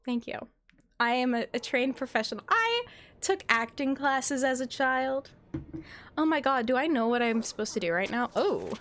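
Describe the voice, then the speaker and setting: A woman's voice: high voice, big pitch swings, moderate pace, a bit bright, slight background noise. A young woman chatting casually on a gaming livestream, giggly and self-deprecating. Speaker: streamer.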